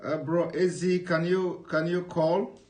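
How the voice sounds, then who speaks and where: A man's voice: fairly high pitch, flat delivery, unhurried, a little mellow. A man hosting a live stream, answering with short affirmations and calling his co-host bro. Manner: brief affirmations, calls people bro. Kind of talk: casual chat.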